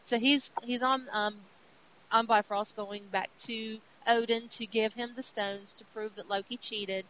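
A woman co-hosting a podcast, casually retelling comic book plots in a chatty, animated way. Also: on the high side, a little slow, low-quality recording. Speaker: podcast co-host.

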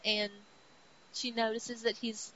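A woman's voice: a little high, level tone, slow, fairly bright tone. A woman hosting a podcast who recaps comic books in a chatty storytelling way and acts out the characters as she goes. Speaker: podcast host. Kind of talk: casual comic book recap. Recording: dull sound with faint hiss.

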